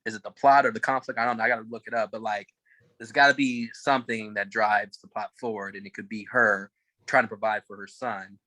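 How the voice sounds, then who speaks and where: A man co-hosting a TV review chat, relaxed and hesitant as he thinks aloud. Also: lowish voice, a little fast, dry recording, poor audio. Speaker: podcast co-host. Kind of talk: casual chat.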